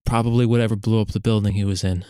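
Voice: mid-range voice, fairly even intonation, rapid-fire, warm tone, clean tone, dry recording, clean studio sound. Jokey, offhand tabletop player. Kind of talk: casual play talk.

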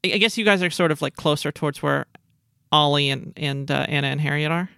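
A man running a tabletop game as game master, narrating in a halting way with many fillers and restarts. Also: fairly high pitch, creaky, bright, forceful tone, smooth, dry recording.

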